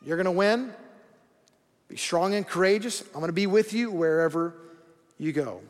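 A man's voice: sits high, normal speed. A man preaching a sermon in a casual, joking way, acting out quoted voices as he goes. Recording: long hall reverb.

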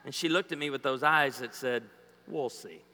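A man's voice: mid-range voice, fairly quick, bright, forceful tone. A man in his forties preaching a humorous sermon, joking with the congregation and telling stories. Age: 40s. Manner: joking, storytelling, playful banter with the crowd. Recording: long hall reverb.

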